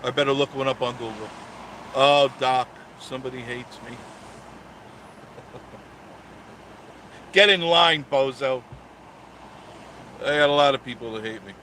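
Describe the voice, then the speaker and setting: A man's voice: medium pitch, fairly even intonation, moderate pace, long pauses, fairly bright tone, a little hiss or hum, poor audio. A man in his sixties hosting a live stream, chatting casually and joking sarcastically as he reads viewer comments. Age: 60s.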